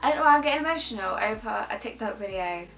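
A woman's voice: medium pitch, animated, very fast, gravelly, a bit bright, faint music behind. A young woman hosting a casual reaction chat, talking chattily with plenty of filler words and some giggles. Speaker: host reacting to videos.

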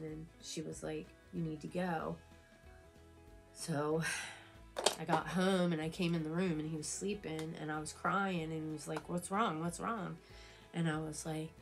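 A woman's voice: low voice, vocal fry. A woman vlogger chatting casually while getting ready, telling an emotional personal story full of fillers and repeats. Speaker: beauty vlogger. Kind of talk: casual chat during a get-ready-with-me video.

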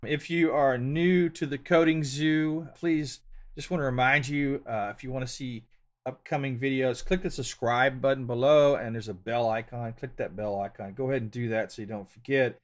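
A man's voice: mid-range voice, fairly even intonation, moderate pace. A man from Louisiana with a Southern drawl, hosting a casual coding lesson. He talks in an easygoing, chatty way and jokes about himself. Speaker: programming tutorial host. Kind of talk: screen-share coding lesson.

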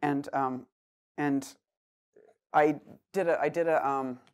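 A woman's voice: low-pitched, steady tone, slow pace. A woman with a Boston accent giving a live poetry reading, with loose, rambling asides full of fillers and restarts between poems. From Boston, USA. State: semi jet lagged. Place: bookshop event space before an audience.

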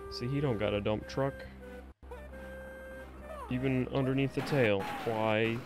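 A man giving casual live commentary as he plays a game, reacting out loud, swearing freely and talking back to the game. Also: mid-range voice, steady tone, a little slow, over music. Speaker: streamer.

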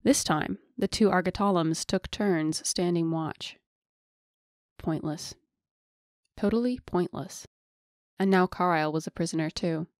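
A woman narrating a fantasy audiobook in a measured storytelling manner. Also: fairly low pitch, steady tone, dry recording, studio quality.

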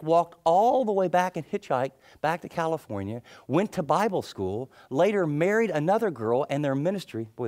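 Middle-aged pastor guy preaching, tells stories and acts out the people, slightly high voice. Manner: storytelling, acts out quoted people, drops to soft intense tones. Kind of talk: sermon.

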